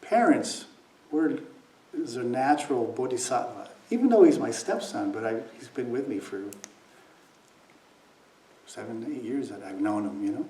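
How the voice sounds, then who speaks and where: In a meditation hall, a meditation teacher gives a dharma talk built around a personal story, acting out quoted voices and sometimes dropping to near whispers. His voice is medium-pitched, animated and warm, at a moderate pace with long pauses. The room is echoey, the mic distant, with faint noise.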